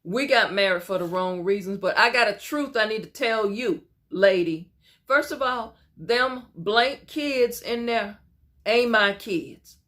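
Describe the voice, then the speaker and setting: A woman's voice: medium pitch, normal speed, few pauses, a bit bright, close to an everyday voice. A woman voicing an adult husband who confronts his wife, stammering through indignant questions. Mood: blunt.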